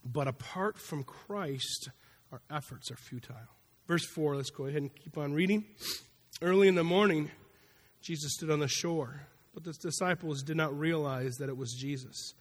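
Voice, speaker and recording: Guy preaching, kinda high voice, casual folksy sermon, lots of echo like a big church. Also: normal speed. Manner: conversational, folksy preaching with acted-out asides. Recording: long hall reverb.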